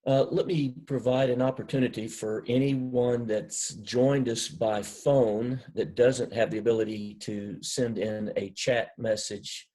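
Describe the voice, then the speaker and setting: Man, webinar moderator, husky, slow, measured formal phrasing. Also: mid-range voice, steady tone, mellow, rough recording.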